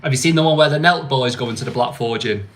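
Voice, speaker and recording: A man's voice: medium pitch, fast, fairly bright tone. A young man with a slangy, mocking manner, chatting casually on his own livestream. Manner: slangy, mocking, laughs often. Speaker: livestream host.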